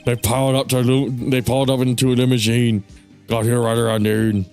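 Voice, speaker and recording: A man voicing a shy, soft-spoken male actor in a put-on British accent, mumbling quietly while reading game dialogue aloud. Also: medium pitch, flat delivery, a little fast, soft background music, natural voice. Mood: subdued.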